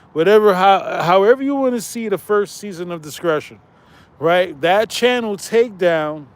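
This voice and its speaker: A man with a notably high voice talks straight into a phone on his own stream, loose and unscripted. He leans on street slang and doubles back over his words. Traffic sounds sit behind him outdoors. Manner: rambling, streetwise slang, repeats himself. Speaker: channel host. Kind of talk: casual livestream commentary.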